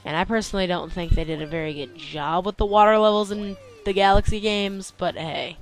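Tired, excitable young man gaming. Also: sits high, brisk. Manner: excitable, complaining, with sudden yelps. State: tired, yawning. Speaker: let's play host. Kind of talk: gameplay commentary. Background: faint game music.

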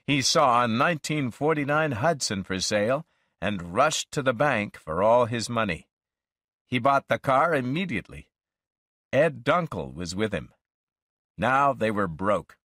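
Man reading a story slow and clear, lively pitch, dry sound. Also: no echo. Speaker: story reader. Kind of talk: slow storybook narration for learners.

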